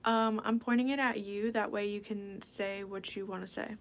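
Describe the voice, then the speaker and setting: At a normal speed, a woman with a medium-pitched, creaky voice speaks in a flat way while hosting an ASMR livestream. She reads chat and answers viewers' questions casually and playfully, rambling and often slipping into whispered asides.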